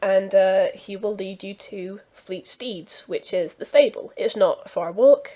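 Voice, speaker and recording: A woman's voice: medium pitch, measured pace, mellow. A woman narrating as game master, chatty and full of restarts. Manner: chatty, with many fillers and restarts.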